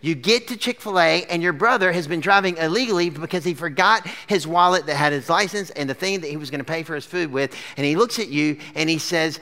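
Bright-voiced chatty male preacher. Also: a little high, brisk, few pauses. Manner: chatty, lots of fillers like "like" and "okay?"; animated storyteller addressing a live crowd. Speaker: pastor. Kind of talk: casual conversational sermon. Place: church gathering with a screen.

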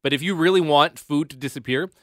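A man co-hosting a radio show, rambling excitedly in casual studio chat. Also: fairly high pitch, fast, no room sound. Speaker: radio co-host.

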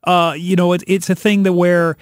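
Stammering high-pitched male co-host. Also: level tone, no room sound, studio quality. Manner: halting, stammers before making points. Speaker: radio show co-host. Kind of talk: casual chat.

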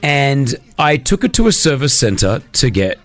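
A man's voice: medium pitch, a little slow, faint music behind. Man hosting radio. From Australia. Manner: storytelling, animated, jokey. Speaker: radio host. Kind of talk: breakfast radio chat. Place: radio studio.

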